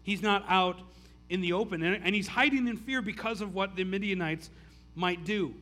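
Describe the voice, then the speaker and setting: Guy preaching, kinda high voice, chatty, keeps restarting words. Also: moderate pace, bright, forceful tone. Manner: casual, stammering restarts, frequent "like". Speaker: pastor. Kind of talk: conversational sermon.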